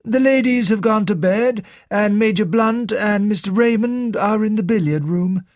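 A man's voice: sits high, normal speed, dry recording, clean studio sound, pitched above the performer's own voice, lightly acted. A man voicing a stiff, deferential elderly male butler in an audiobook, who speaks formally and politely and ends his lines with "sir.". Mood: shocked, deferential.

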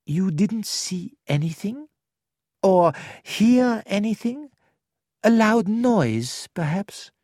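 A reader voicing an excitable, precise detective who asks probing, urgent questions. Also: medium pitch, slow pace, no room sound, studio quality, voice pushed up.

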